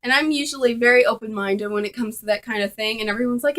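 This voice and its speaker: A young woman with a bright, slightly high voice tells a storytime vlog to her camera. She is chatty and animated, full of ums and likes, and sounds like she is talking to a tripod camera. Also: fast talker, few pauses. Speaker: vlogger. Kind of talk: casual storytime.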